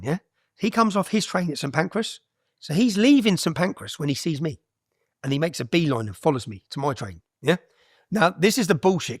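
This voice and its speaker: Blunt guy on a podcast, lively and a bit high, keeps tagging "yeah?" on everything. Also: no room sound, studio quality. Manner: animated storyteller, tags sentences with "yeah?"; blunt, swears freely. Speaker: interview guest. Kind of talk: podcast interview storytelling.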